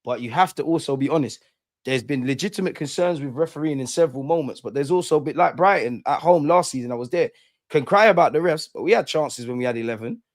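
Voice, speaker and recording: A man's voice: on the high side, fast, no room sound, studio quality. A young man hosting a live fan stream, ranting heatedly and repeating lines for emphasis. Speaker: fan channel host.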